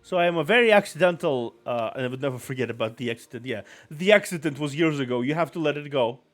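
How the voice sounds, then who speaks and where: Rambling, apologetic man streamer, higher voice. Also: expressive, fast talker, fairly bright tone. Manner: rambling, self-deprecating, often apologizing. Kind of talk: casual live-stream chat.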